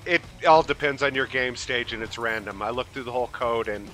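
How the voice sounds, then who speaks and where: A man hosting a relaxed gaming session, chatting casually with his co-player. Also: medium pitch, a little fast. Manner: relaxed, talkative. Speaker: host. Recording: light background metal music.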